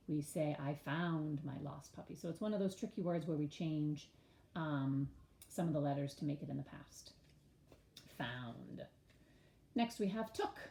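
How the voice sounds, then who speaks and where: Patient woman teacher spelling words slowly. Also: sits low, echoey room. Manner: slow letter-by-letter spelling, patient and expressive. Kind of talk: early-grades reading lesson.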